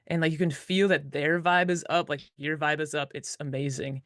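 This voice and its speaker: A relaxed woman talking about mushing in a chatty, easygoing way, peppering her sentences with fillers and quick laughs. The sound is dry and close, with almost no room around her voice. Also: deep voice, no room sound. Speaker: dog musher, interview guest. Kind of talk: casual storytelling interview.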